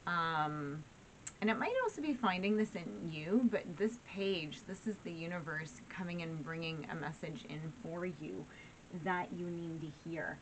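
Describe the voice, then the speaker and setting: Woman tarot reader, low-pitched, encouraging and chatty, noisy recording. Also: a little slow. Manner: warm, encouraging, full of "right?" and "okay?". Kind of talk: casual tarot reading to viewers.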